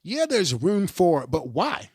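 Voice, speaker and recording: A middle-aged man talking casually as a podcast guest, emphatic and animated, swearing freely and often checking in with his listener. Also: on the high side, moderate pace, dry recording, studio quality. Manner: animated, emphatic, swears freely, keeps asking "you know what I mean". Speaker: podcast guest, pro skateboarder. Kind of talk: casual interview chat.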